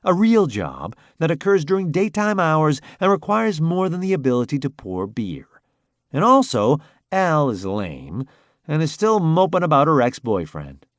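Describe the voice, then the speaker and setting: A man's voice: on the high side, wildly swooping pitch, moderate pace, no room sound, clean studio sound, pitched above the performer's own voice. A man doing a sassy, teasing young woman. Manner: tart, teasing. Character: sassy nineteen-year-old young woman.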